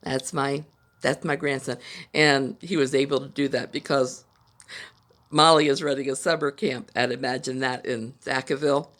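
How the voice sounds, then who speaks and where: A woman's voice: a bass voice, steady tone, normal speed, fairly bright tone. Chatty older woman hosting a knitting podcast. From Ohio, USA. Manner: chatty, rambling, personal asides. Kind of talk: casual chat. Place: home.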